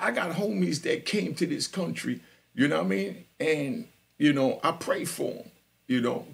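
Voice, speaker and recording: A man's voice: on the high side, vocal fry. A man from Jamaica, hosting a live podcast and telling his life story in a street-talk style, often checking that listeners understand. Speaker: podcast host.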